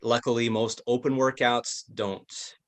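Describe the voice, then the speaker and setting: A man's voice: medium pitch, little pitch movement, a little slow, a bit bright. A man talking as a podcast guest, telling his stories in an easygoing, self-deprecating way. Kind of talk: casual chat.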